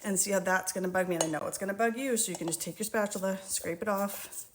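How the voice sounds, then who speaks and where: A woman's voice: medium pitch, quick pace, slight background noise. A woman teaching a cookie recipe in real time, chatting and reassuring viewers as she mixes and scoops in her home kitchen. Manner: chatty, reassuring, talks while working. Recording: kitchen clatter of dishes and utensils.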